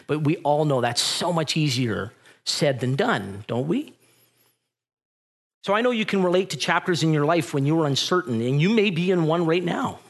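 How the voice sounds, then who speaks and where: A middle-aged man preaching a sermon, telling stories with animated energy and acting out the voices of the people in them. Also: a little high. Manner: animated storytelling, acts out voices in retellings. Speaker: pastor.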